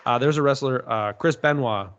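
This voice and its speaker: A man's voice: medium pitch, a little fast, fairly bright tone. Casual male podcast guest, loose storyteller who swears a lot, slightly dull lo-fi sound. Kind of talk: casual chat.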